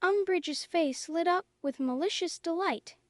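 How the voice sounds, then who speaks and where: Lady reading a story slow and clear for english learners, high voice. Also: no room sound, clean studio sound.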